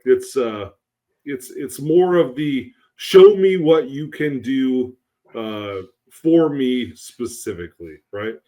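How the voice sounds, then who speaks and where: A man's voice: medium pitch, lively intonation, slow, mellow. A man co-hosting a podcast, in a laid-back casual chat that often tags on "right?". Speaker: podcast co-host.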